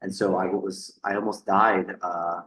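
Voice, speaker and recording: Animated, swearing man telling a story. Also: deep voice, measured pace, echoey room, rough recording. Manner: animated, swears freely, repeats words, acts out quoted people. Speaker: podcast guest. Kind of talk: casual storytelling interview.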